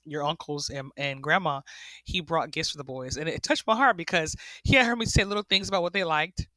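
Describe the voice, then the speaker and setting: A middle-aged woman on a podcast telling a personal story in a casual, animated way, acting out what people said. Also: low-pitched, a little fast, no room sound. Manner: animated storyteller, acts out quotes, laughs often. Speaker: podcast guest.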